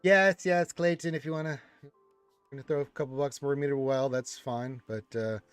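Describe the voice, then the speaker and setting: A man of average pitch hosts a casual live stream, reading out viewer comments and answering them in a loose, chatty way. His voice is picked up dry and close on a desk mic, with faint music underneath. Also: fairly even intonation, moderate pace, clean tone, no echo. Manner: reads viewer comments aloud and chats back. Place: room with a wall of action figures.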